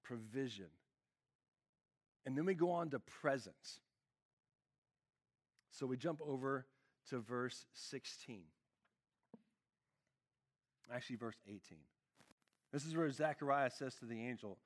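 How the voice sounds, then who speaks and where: Male lead pastor, conversational sermon, earnest and casual, lots of fillers, mid-pitched voice. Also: slow, pauses often.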